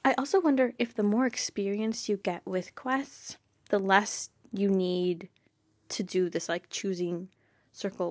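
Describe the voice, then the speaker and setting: A woman's voice: medium pitch, measured pace, a little mellow, dry recording, studio quality. A young woman hosting a fan podcast, chatting casually in a bubbly, giggly way with lots of fillers. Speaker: podcast host.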